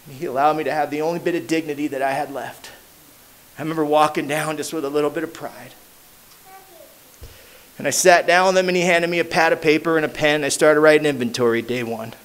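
Man, 30s or older, a bit high-pitched, casual slangy storyteller at a recovery meeting who softens at the heavy moments. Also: fairly even intonation, fast talker. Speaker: AA meeting speaker. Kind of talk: personal recovery story told to a crowd. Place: meeting hall.

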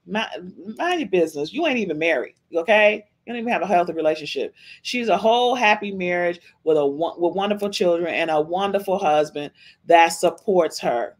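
A woman's voice: on the low side, expressive, a little fast. A woman hosting a podcast, giving casual reaction commentary on a livestream in an emphatic, chatty way and often tossing in a questioning "okay?". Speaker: podcast host.

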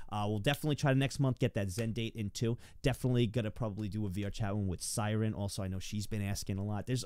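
A man's voice: fairly low pitch, no room sound, studio quality. Rambling, stammering young male streamer. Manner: rambling and stammering, eager thanks to viewers. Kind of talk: live stream chat.

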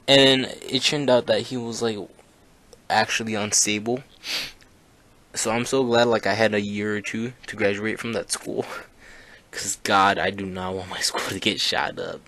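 A young man with a low, gravelly voice that still sounds bright and forceful. He tells a story in a loose, rambling vlog way, swearing a lot and restarting his sentences. He talks like an easygoing YouTuber chatting to his viewers. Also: steady tone, measured pace. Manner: rambling, profane, with many fillers and restarts. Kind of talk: casual story-time vlog.

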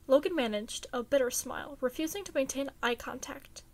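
A woman reading fan fiction aloud in a casual, chatty and expressive way. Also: high voice, normal speed, hardly any pauses.

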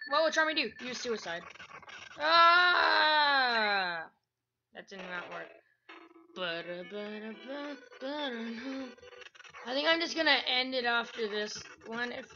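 A woman's voice: a little high, sharp tone, muffled recording. A woman giving let's-play commentary, rambling through asides and breaking into yelps and squeals. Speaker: gameplay commentator. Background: faint game music.

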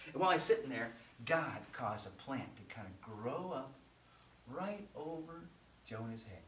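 Lively man telling a Bible story to kids. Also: fairly high pitch, a little fast. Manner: lively, playful, sound effects. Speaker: children's pastor. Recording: roomy, from mic distance.

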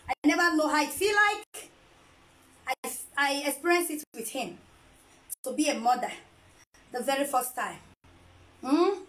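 A woman's voice: high voice, a bit bright, low-quality recording. A woman chatting casually to camera as a vlogger, playful and teasing, laughing often. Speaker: vlogger and mother.

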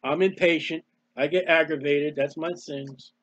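A man giving a personal devotional talk as a preacher, emotional and halting, sometimes crying out in prayer. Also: on the high side, steady tone, a bit bright, dry recording, muffled recording.

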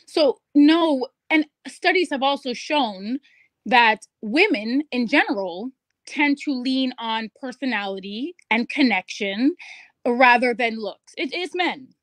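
A woman's voice: fairly high pitch, lively intonation, takes it slowly, a bit bright, no room sound. A woman in a played clip making an argument, citing studies and arguing point by point. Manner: cites studies, argues point by point. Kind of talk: argumentative commentary.

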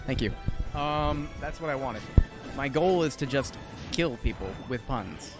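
Male tournament caster, lively, playful banter, music bed behind. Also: mid-range voice, a little slow. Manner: joking, pun-loving, bursts into mock whispered ASMR. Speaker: esports commentator. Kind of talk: casual tournament commentary.

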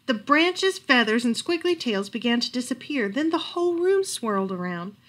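A woman reading a picture book aloud at a library storytime, expressive and lively. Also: a little high, normal speed, hardly any pauses.

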